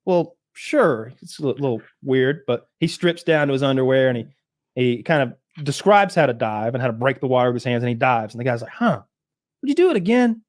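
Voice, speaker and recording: A man co-hosting a podcast, chatting casually and profanely, acting out scenes in quick put-on voices. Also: medium pitch, no room sound, studio quality. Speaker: podcast co-host. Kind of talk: casual chat.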